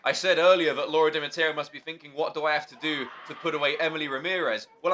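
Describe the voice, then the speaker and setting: A man calling a wrestling match play by play, excitable and shouting at the big moves. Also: high voice, slight background noise. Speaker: wrestling commentator. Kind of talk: play-by-play commentary.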